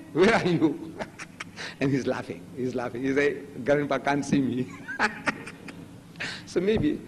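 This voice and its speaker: A man's voice: mid-range voice, long reverb tail, slight background noise, rough recording. An older man whose first language is Gujarati, giving a religious lecture and acting out the dialogue of the stories he tells. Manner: animated storytelling, acting out dialogue.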